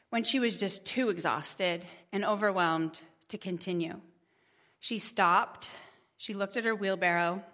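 A middle-aged mother telling a parable and stories from family life at a church gathering, chatty with gentle humor. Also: mid-range voice. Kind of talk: storytelling talk.

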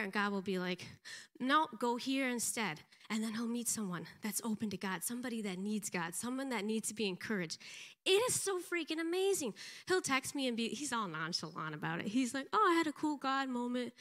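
A middle-aged woman giving an animated, self-deprecating church testimony, laughing often. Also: on the high side, a little fast. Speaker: pastor's wife giving a testimony.

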